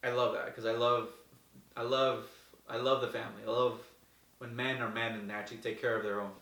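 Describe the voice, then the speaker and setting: A man giving casual, energetic advice to viewers as host, repeating himself and acting out the people in his stories. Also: mid-range voice, fairly quick. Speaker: host answering viewer questions. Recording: echoey room, mic far off.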